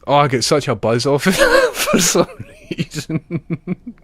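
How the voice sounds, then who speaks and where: A man's voice: fairly high pitch, wildly swooping pitch, slow pace, a bit bright. A young Scottish man chatting casually on a live stream, trading jokey banter, laughing often and rambling through asides.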